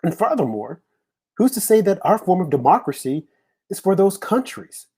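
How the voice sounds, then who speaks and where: A man's voice: sits high, big pitch swings, moderate pace, mellow, husky. A man hosting a live political talk show, opening with an impassioned monologue full of rhetorical questions. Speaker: host.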